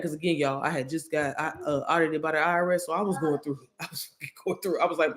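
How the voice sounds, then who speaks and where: A woman's voice: sits low, quick pace. A woman YouTuber telling a story to her viewers, candid and slangy, swearing freely and calling them y'all.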